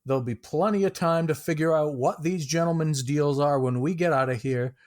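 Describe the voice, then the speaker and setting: A man voicing a weary, blunt woman rescuer in a tabletop game, brisk and swearing. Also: on the high side, darkish tone, voice pushed up, lightly acted. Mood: exasperated.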